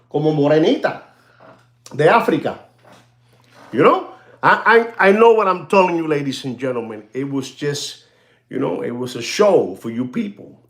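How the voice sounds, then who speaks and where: Animated, sarcastic man. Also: on the high side. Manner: sarcastic, repetitive, switches into Spanish. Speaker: watchmaker and show host. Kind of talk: ranting monologue.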